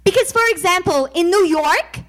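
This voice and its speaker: A woman's voice: very high voice, moderate pace. An Australian woman doing a stand-up comedy set on stage, delivering sardonic, self-mocking punchlines.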